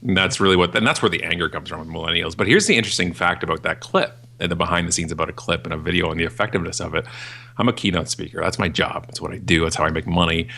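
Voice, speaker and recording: A man in his forties, a podcast guest and keynote speaker, talking in a ranting, jokey way and acting out other people in a high voice. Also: racing, bright, forceful tone. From Canada. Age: 40s. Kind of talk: animated podcast interview.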